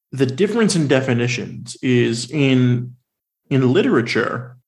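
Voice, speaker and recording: A man co-hosting a casual podcast, rambling with lots of fillers and animated questions. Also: medium pitch, vocal fry. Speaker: podcast co-host. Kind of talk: casual chat.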